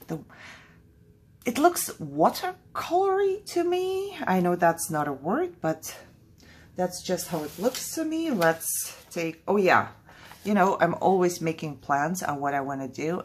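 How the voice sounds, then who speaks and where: Chatty, lively woman with a low voice. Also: slight background noise. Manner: chatty, self-deprecating, laughs at herself. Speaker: craft channel host. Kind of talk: casual crafting tutorial chat.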